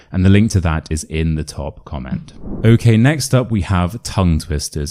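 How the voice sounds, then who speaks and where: A man with a British RP accent teaching pronunciation in an upbeat, clear instructional video lesson. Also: low-pitched, warm tone. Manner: clear, upbeat, demonstrating sounds.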